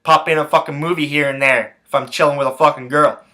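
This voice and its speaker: A man's voice: fairly high pitch, fairly even intonation, fast, bright, forceful tone. A man hosting a sports podcast, ranting angrily with heavy swearing and repeating phrases for emphasis. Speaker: podcast host. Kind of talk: profane sports rant.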